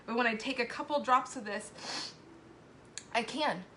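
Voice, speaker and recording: A woman's voice: fairly high pitch, moderate pace, pushed and bright, a little hiss or hum. A woman in her thirties, a mother, talking candidly and tearfully in a live video, swearing and laughing between sentences. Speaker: mother sharing a personal testimonial. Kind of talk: emotional live video confession.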